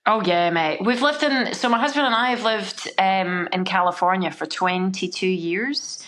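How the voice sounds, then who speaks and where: A woman's voice: moderate pace, a bit bright, slight background noise. A middle-aged Scottish woman chatting as a podcast guest, bubbly and full of energy. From Scotland. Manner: bubbly, high-energy, exclamatory. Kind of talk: casual chat.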